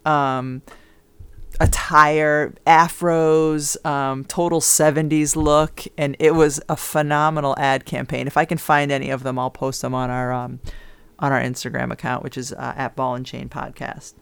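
A middle-aged woman with a smooth, clear voice co-hosts a sports podcast. She talks in a chatty, upbeat way with plenty of fillers. Her voice is close and dry. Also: rumbling low, level tone, a little slow, no room sound. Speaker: podcast co-host and basketball analyst. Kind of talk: casual sports chat.

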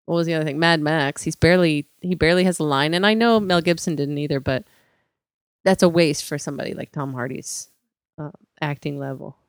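A woman's voice: sits low, brisk, no echo, studio quality. A woman co-hosting a podcast in casual chat, rambling and chatty with lots of fillers. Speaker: podcast co-host.

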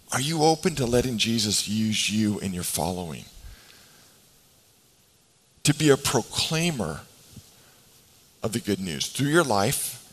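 Expressive man preaching a sermon. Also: lowish voice, breathy edge, low-quality recording. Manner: expressive, swings between hushed and emphatic delivery; acts out scripture voices. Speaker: pastor.

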